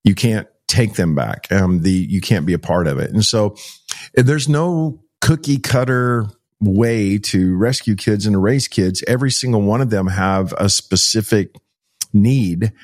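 This founder of a child rescue organization, a middle-aged man from Texas, speaks in a fairly low, unhurried voice. In an interview, he tells stories with animation, performing the dialogue he quotes.

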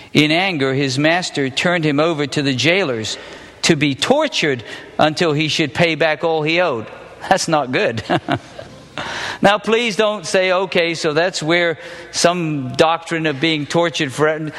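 A man's voice: high voice, fairly bright tone, big-room sound. A man teaching a Bible story as a sermon, asking the listeners questions and then answering them himself. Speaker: preacher teaching a Bible passage.

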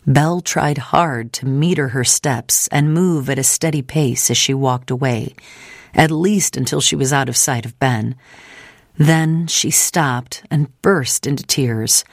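A woman narrating an audiobook in a measured, expressive storytelling manner. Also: very deep voice, no room sound, studio quality.

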